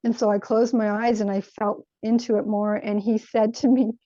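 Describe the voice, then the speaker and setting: A woman recounting a spiritual experience from her childhood in an earnest, reflective way, often pausing to search for words. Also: a little high, little pitch movement, dark tone, no room sound, highs cut off. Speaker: guest sharing a spiritual experience. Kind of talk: personal storytelling.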